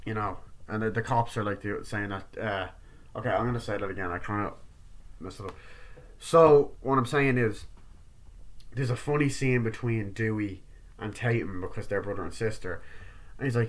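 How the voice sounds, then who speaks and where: A man giving a casual movie review, rambling with lots of fillers and briefly acting out characters' lines. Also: on the low side. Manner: rambling, acts out characters' lines in quick impressions; heavy use of filler words like "like" and "you know". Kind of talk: casual film review vlog.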